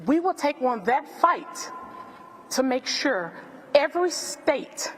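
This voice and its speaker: A woman's voice: on the high side, slight background noise. A middle-aged woman with a Southern US accent, giving an impassioned public speech as a family friend. She talks emphatically and repeats phrases for effect. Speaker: family friend speaking at press conference. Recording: long hall reverb.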